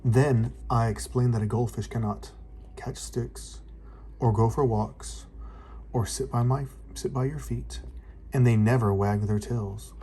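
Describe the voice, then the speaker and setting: A man gently reading a picture book aloud to a child, in an unhurried, expressive way. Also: mid-range voice, a little hiss or hum. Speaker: storybook reader.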